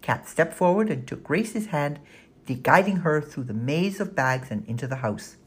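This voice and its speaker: Husky, low-voiced woman narrating a story. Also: lively intonation, normal speed. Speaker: audiobook narrator. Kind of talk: scripted narration.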